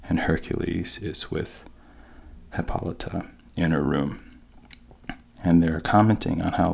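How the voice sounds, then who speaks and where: Very deep, gravelly man retelling a story. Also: a little mellow. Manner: unhurried, halting with pauses. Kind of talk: casual spoken retelling of a story.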